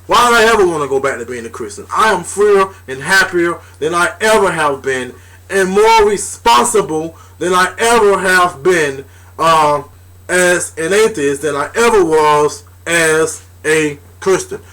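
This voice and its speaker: A man's voice: on the high side, lively intonation, unhurried, bright, forceful tone. Blunt, indignant young man ranting. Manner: indignant, blunt, swears freely. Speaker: vlogger. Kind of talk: casual vlog rant.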